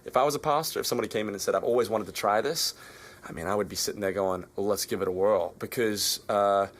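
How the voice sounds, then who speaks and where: Earnest aussie guy, low-ish voice, keeps hammering his point. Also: fast talker. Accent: Australian. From Australia. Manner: earnest, fervent, repeats phrases. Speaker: musician guest. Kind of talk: casual interview.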